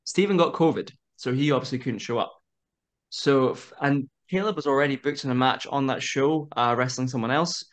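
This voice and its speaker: A man in his twenties, a wrestler guest on a video-call podcast, telling a story in quick animated bursts and laughing often. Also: medium pitch. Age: 20s. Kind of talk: casual interview chat.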